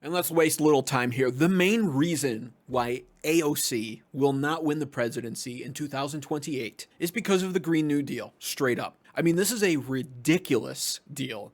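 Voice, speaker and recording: A man's voice: on the high side, moderate pace, hardly any pauses. Sarcastic male political commentator. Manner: sarcastic, mocking.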